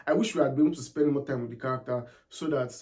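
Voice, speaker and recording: Young guy gushing about a show, mid pitch, keeps repeating stuff for emphasis. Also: very fast, a little mellow. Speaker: TV series reviewer. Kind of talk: casual video review.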